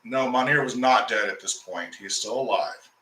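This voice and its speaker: A man's voice: medium pitch, moderate pace, bright, forceful tone, roomy sound, rough recording. A man hosting a casual talk, telling a long story to his viewers in a rambling way with restarts, getting heated as he recounts a fight. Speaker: occultist host.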